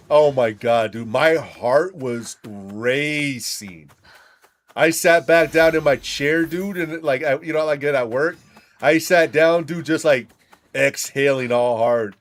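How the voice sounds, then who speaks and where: A man hosting a gaming channel, chatting casually while he plays and telling stories in an excitable, profane way full of "dude". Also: on the high side, takes it slowly.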